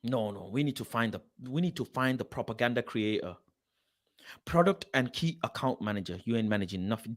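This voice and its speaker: A man's voice: mid-range voice, sing-song, normal speed. A young man hosting a football channel, reacting to a screen in an exasperated, mocking rant full of swearing, muttering as he reads names aloud. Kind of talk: ranting reaction commentary.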